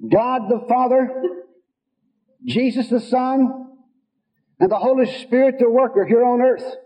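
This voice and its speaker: A man's voice: very high voice, a little slow, mellow. A man preaching a sermon, telling stories in a folksy way and quoting conversations in his own voice. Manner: folksy storytelling, quotes God and others in his own voice. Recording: dull lo-fi sound.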